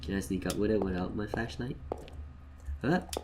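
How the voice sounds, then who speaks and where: A man giving casual, joking game commentary, swinging between mumbles and loud outbursts. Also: low-pitched, normal speed, very noisy. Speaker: let's play gamer.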